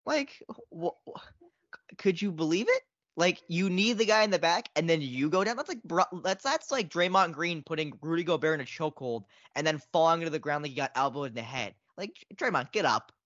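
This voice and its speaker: A man co-hosting a casual sports podcast. He is excitable and repeats himself, and his pitch jumps a lot. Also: a little fast, no echo. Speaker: podcast co-host. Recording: dry, dull lo-fi sound.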